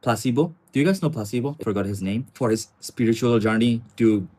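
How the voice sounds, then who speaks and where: A man's voice: mid-range voice, a little fast, warm tone, slightly rough. A young man, chatting casually with viewers on a live stream from his small apartment. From China. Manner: chatty, addresses viewers as guys, answers chat comments. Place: small studio apartment with river view.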